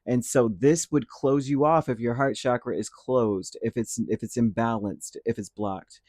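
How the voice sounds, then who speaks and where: A man's voice: medium pitch, measured pace, darkish tone, dry recording, clean studio sound. A man giving a casual tarot and chakra reading, talking in a loose, rambling way that corrects itself and keeps checking in with "right?". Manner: rambling, self-correcting, tags lines with "right?". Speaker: tarot reader. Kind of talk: casual spiritual reading to camera.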